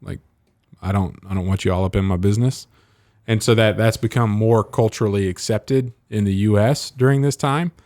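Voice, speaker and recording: Animated man telling stories. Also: lowish voice, normal speed, no echo, clean studio sound. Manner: animated storyteller, laughs a lot. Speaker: podcast co-host. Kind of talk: casual chat.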